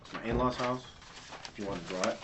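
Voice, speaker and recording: A man giving a rambling, fast account to police as a witness, restarting sentences and sketching a map while he talks. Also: medium pitch, background noise. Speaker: witness being interviewed by police. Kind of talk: police interview statement.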